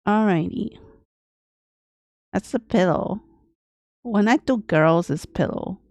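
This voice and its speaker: Slow, gravelly woman with put-on grandma voice. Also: medium pitch, darkish tone, no room sound. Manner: deliberately aged, grandma-like voice; thinks aloud in short broken phrases. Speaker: artist streaming her drawing process. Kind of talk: casual livestream commentary while drawing.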